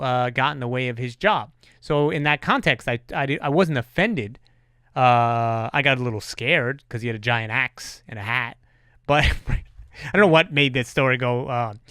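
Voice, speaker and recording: A man hosting a podcast, telling stories in a casual, profane, animated way. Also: mid-range voice, clean tone, dry recording, studio quality. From New York. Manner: animated storyteller, swears freely. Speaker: podcast host.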